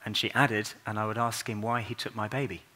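A man preaching a Christmas sermon in a church, earnest and unhurried, dropping to a soft, quiet voice for tender passages. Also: lowish voice, flat delivery.

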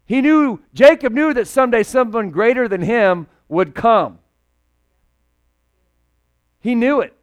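A male pastor preaching a casual, humorous sermon in a conversational, animated way, joking with the congregation. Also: very high-pitched, measured pace, pauses often, smooth.

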